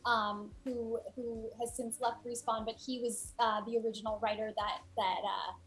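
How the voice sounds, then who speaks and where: A woman's voice: a little high, level tone, normal speed, a bit bright, poor audio. A woman voice actor chatting casually, praising others with frequent hesitant fillers. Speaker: game voice actor. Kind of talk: casual video chat.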